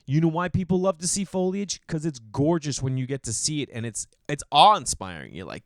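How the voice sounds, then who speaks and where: A man from Boston talks to his listeners in a loose, comedic monologue. His voice is smooth and resonant, recorded dry and close with no room around it. He rambles, jumps up loud for acted-out bits and drops into low mumbles, calling everyone dude. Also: very animated, fairly quick, few pauses, no echo. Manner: swears casually, calls listeners dude. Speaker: podcast host and comedian.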